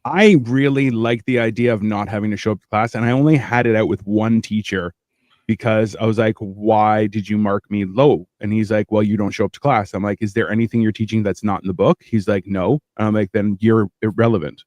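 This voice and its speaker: A man's voice: on the low side, fairly even intonation, fairly quick, dry recording. A man from Canada on a casual comedy podcast, telling brash stories and acting out quotes. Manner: brash storytelling, acts out quotes loudly. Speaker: podcast co-host.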